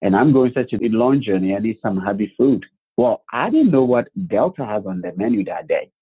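A man telling his life story as a guest, animated, with rhetorical questions and acted-out quotes. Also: fairly low pitch, brisk, breathy edge. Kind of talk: personal storytelling. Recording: phone-like narrow band.

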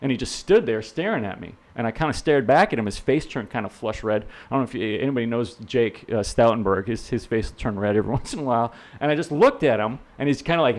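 A middle-aged man, a real estate instructor, telling stories casually on a podcast, animated and laughing, often repeating words and acting out quotes. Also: mid-range voice, quick pace.

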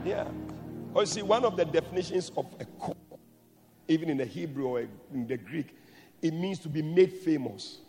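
A man preaching a sermon emphatically, moving from soft explanation to shouted blessings. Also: fairly high pitch, lively intonation, moderate pace, big-room sound, faint music behind.

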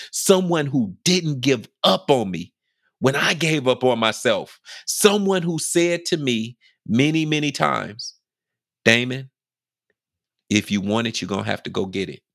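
A man tells a personal story on a podcast, casual and animated, leaning on repeated phrases and acting out what others said. His voice sits in an ordinary middle range for a man. The recording is dry, with no room sound. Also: mid-range voice, gravelly, no echo. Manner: animated, repeats phrases for emphasis, acts out quotes. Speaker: podcast speaker telling his life story.

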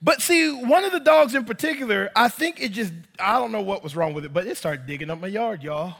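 A man's voice: high voice, animated, a little fast, gravelly, fairly bright tone, in a large hall. A man in his thirties preaching a sermon in church, telling a story animatedly and addressing the congregation as y'all. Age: 30s. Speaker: pastor.

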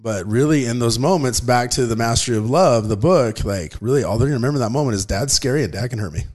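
A man's voice: medium pitch, quick pace, a little mellow. A man in his thirties, a father co-hosting a podcast, talking earnestly and rambling with frequent restarts. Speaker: podcast co-host. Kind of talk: casual podcast chat.

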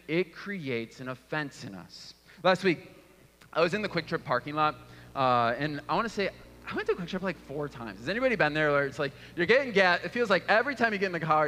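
A man in his thirties preaches from the pulpit, his voice bright and slightly high. He tells stories with wide swings of pitch, acting out the people in them. The sound rings with the long reverb of a church hall. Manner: animated storytelling with acted-out voices. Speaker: pastor. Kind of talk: sermon. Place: church auditorium.

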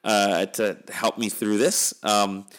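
Slow and fairly low-pitched, with little pitch movement and a fairly bright tone, a middle-aged man hosts a casual podcast. As the episode ends, his talk turns wry, weary, and rambling.

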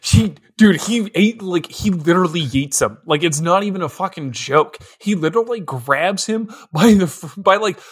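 A man co-hosting a podcast in casual movie-review chat, excitable and laughing as he acts out scenes. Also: high-pitched, moderate pace, hardly any pauses, breathy edge. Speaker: podcast co-host.

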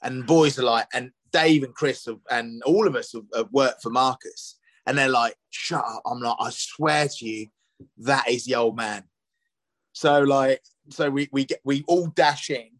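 A man's voice: mid-range voice, a little slow, a bit bright, dry recording, low-quality recording. A middle-aged man, a chef guesting on a podcast, telling his story casually with many restarts and fillers. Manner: rambling, with many restarts and "you know" fillers.

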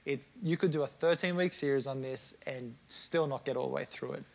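A man in his late twenties preaching a sermon to a congregation, telling stories with lively, self-mocking asides. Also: medium pitch, fairly quick, vocal fry. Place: church service before a congregation.

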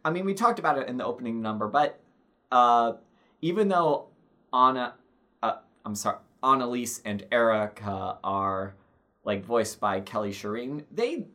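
Low-voiced woman chatting casually. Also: lively intonation, moderate pace, a bit bright. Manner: rambling, many fillers. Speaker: podcast co-host. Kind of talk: casual chat.

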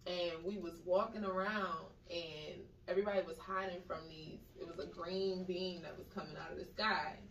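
A woman in casual chat, telling dream stories in a slangy, animated way and acting out the voices she quotes. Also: lowish voice, a little hiss or hum. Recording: echoey room, mic at a distance.

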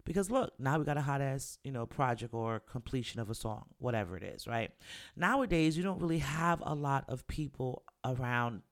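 Candid, animated man musician. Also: medium pitch, moderate pace. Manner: candid, animated, swears freely, acts out quoted friends. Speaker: musician, rapper. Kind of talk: casual monologue to camera.

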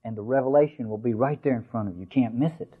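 A man giving a lecture who reads a story aloud slowly and then explains it in a discursive way, with fillers and restarts. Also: medium pitch, slightly rough. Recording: tinny phone-like audio.

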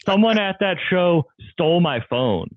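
A man's voice: sits high, lively intonation, moderate pace, no echo. A man who is a comedian guest, telling wild stories in casual chat and laughing often. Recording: tinny phone-like line, dry.

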